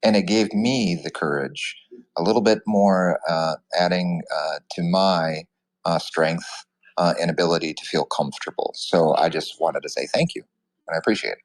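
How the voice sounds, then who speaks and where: Deep voice guy, kinda halting, lots of uh's, sincere. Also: no echo, rough recording. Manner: halting, many fillers, sincere.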